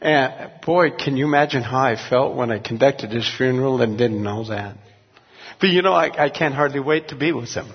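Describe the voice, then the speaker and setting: An older man who is a pastor, telling his story earnestly, halting with many restarts. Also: medium pitch, husky. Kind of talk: testimony in an interview. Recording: dull recording in a long-echo room.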